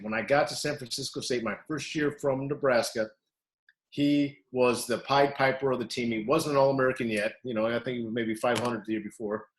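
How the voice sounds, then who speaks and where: A man, a wrestling coach, telling stories in casual chat and loudly acting out what people said. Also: mid-range voice. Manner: animated, acts out quotes loudly. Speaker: wrestling coach, podcast co-host. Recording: echoey room.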